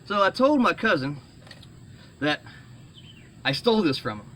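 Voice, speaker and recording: A middle-aged man rambling excitedly in a casual vlog, full of fillers and restarts, saying he is sweating. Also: sits high, a little slow, a little hiss or hum. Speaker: vlogger.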